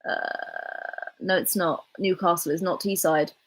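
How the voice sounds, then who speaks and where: A young woman in her twenties speaks with a soft, breathy voice and a Southern English RP accent. She rambles through a casual livestream chat, reading viewers' comments aloud and answering them as she goes. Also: lowish voice, slow. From England. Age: 20s. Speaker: livestreaming YouTuber.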